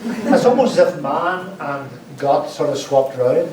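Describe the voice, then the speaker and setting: A man lectures to a live audience, pausing to repeat words so the sounds come through. He is picked up from across an echoey room, a little distant, with a faint hiss underneath. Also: on the high side. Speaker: guest lecturer. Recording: roomy echo, distant mic, faint hiss.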